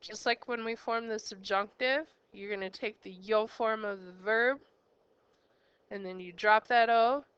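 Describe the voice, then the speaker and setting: Clear, bright-voiced woman teaching a lesson. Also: mid-range voice, steady tone, measured pace, no room sound, lo-fi sound. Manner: explains step by step, quizzes the listener with questions. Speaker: Spanish teacher. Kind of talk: recorded grammar lesson.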